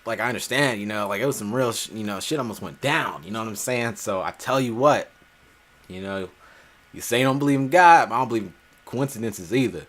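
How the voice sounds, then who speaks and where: A man who hosts a gaming channel telling a personal story in a casual, animated way, laughing often and swearing freely. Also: lowish voice, brisk.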